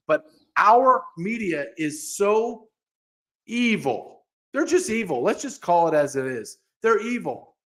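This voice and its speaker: A man's voice: high-pitched, very animated, measured pace, fairly bright tone. A man hosting a podcast, ranting angrily in heated commentary, with frequent restarts and repeated words. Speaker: podcast host.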